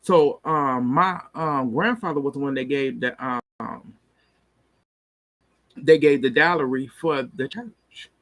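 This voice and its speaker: A man casually recapping a TV episode, animated and laughing often as he retells the scenes. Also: mid-range voice, takes it slowly. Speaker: TV episode reviewer.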